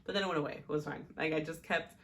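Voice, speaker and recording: A young woman with a somewhat low voice talks casually about her own life. She rambles through stories with lots of fillers and little laughs. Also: fairly even intonation, rapid-fire, background noise. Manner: chatty, many fillers and laughs. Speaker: podcast host. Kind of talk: casual personal storytelling.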